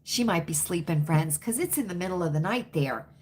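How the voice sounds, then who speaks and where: A woman in her fifties from the United States, hosting a casual livestream and talking straight to her chat with drawn-out, emphatic asides. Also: on the low side, lively intonation. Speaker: livestream host.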